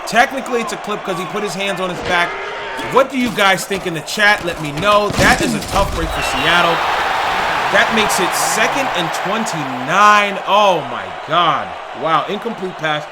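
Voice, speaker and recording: On a football video game stream, a man delivers excited play-by-play, frequently shouting and openly outraged at the officiating. His voice sits high and moves at a normal speed over a loud crowd, and the whole clip is very noisy.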